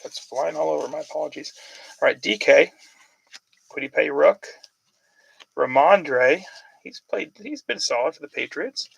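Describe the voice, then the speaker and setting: Gravelly-voiced man chatting through a card break. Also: fairly high pitch, a bit bright, slight background noise, rough recording. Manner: chatty, rambling sports talk with fillers. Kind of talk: casual live card-break commentary.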